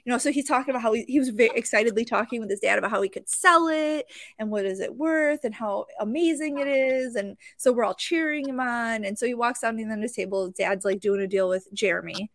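A woman's voice: on the high side, fast, no room sound. Chatty woman host with a dry, close sound. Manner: animated, emotional, with many fillers and restarts. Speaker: podcast host and card show vendor. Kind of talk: casual storytelling.

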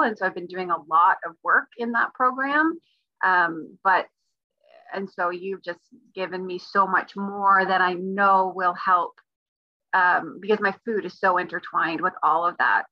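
A woman moderating an online group meeting in friendly casual talk, pausing often with fillers. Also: lowish voice. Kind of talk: casual video-call chat. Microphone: video call. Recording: muffled call audio.

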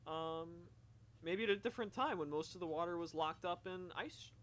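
A man chatting casually during a movie commentary, excitable, laughing often and tripping over repeated words. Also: high voice, moderate pace.

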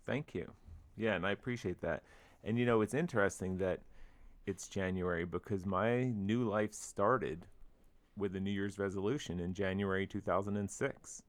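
A man speaking as a guest on a podcast, easygoing and measured. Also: deep voice, fairly even intonation. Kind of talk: casual podcast interview.

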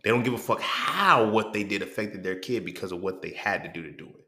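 A man's voice: lowish voice, brisk, pushed and bright, reverberant. A man hosting a podcast in a casual, profane monologue, often checking in with "you feel me". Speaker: podcast host.

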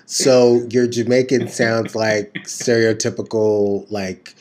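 A man's voice: fairly low pitch, steady tone, takes it slowly, darkish tone. A man co-hosting a casual podcast, rambling playfully and correcting himself often. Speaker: podcast co-host. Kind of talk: casual chat.

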